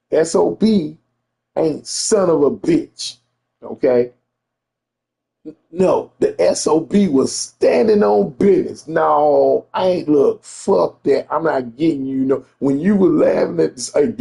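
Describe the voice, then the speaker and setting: Gravelly, dark-voiced man ranting. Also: on the high side, slow. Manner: profane, emphatic, repeats himself. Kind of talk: casual storytelling rant.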